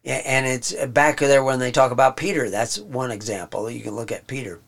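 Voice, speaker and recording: A man giving an informal Bible study lesson. He pauses often, restarts his sentences and explains the text word by word. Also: mid-range voice, fairly even intonation, a bit bright. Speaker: Bible teacher.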